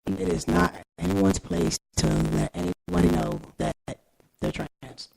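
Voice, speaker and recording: A man's voice: fairly low pitch, unhurried, gravelly, no echo, poor audio. A young man, a guest actor and filmmaker, talking candidly in a casual chat, emphatic with lots of laughs and slang. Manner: animated, emphatic, laughs often, street slang.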